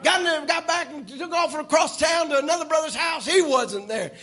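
A man preaching a sermon, telling a folksy story and rising to shouts. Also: very high voice, a little fast. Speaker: pastor.

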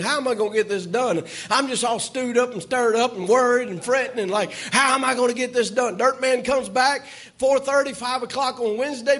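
A man preaching a sermon, telling a folksy story and rising to shouts. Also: very high-pitched. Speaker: pastor.

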